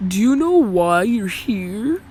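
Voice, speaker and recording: A man's voice: high-pitched, big pitch swings, slow pace, darkish tone, a little hiss or hum, exaggerated voice, poor audio. A man voicing a stern school principal who hands out punishments in a clipped tone.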